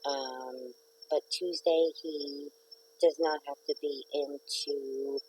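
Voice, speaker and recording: A woman's voice: deep voice, steady tone, takes it slowly, a little mellow, a little hiss or hum, low-quality recording. A middle-aged woman hosting a casual live stream from home, chatting and rambling to viewers and greeting commenters by name. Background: neighbor's dog barking.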